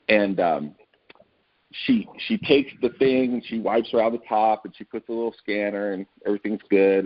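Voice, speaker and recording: A man's voice: lowish voice, dull audio. A man speaking as a guest on a team call, telling a story and acting out the people in it. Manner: animated storyteller who acts out quoted people. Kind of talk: storytelling training talk.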